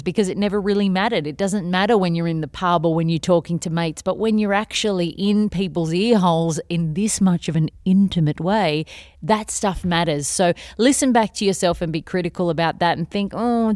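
A woman hosting a podcast, giving advice in an energetic, conversational and encouraging way. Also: fairly low pitch, no echo, clean studio sound. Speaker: podcast host and teacher. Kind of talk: instructional podcast talk.

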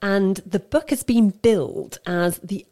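A woman guest on a talk show, briskly informative in casual chat. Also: mid-range voice, animated, vocal fry, dark tone. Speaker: book industry guest.

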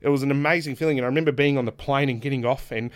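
Animated man telling wrestling stories. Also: mid-range voice, rapid-fire, smooth. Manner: animated, laughs often, acts out quotes. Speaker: guest pro wrestler. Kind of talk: casual podcast storytelling.

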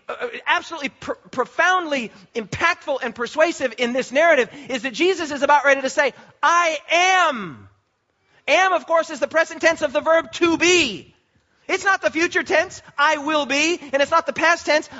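A man's voice: very high voice, bright, forceful tone. A man preaching a sermon as pastor, emphatic, with repeated words and restarts. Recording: muffled lo-fi sermon recording.

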